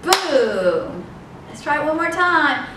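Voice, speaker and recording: A woman leading a children's storytime, reading aloud in a slow, sing-song, expressive way. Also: high voice, noisy background. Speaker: children's librarian. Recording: echoey room, mic far off.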